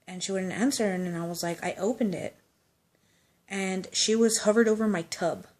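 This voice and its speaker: A woman's voice: medium pitch, normal speed, a little mellow. A woman casually telling a personal anecdote, chatty and loose, with swearing and laughing asides. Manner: chatty storytelling, swears, laughs, acts out quotes.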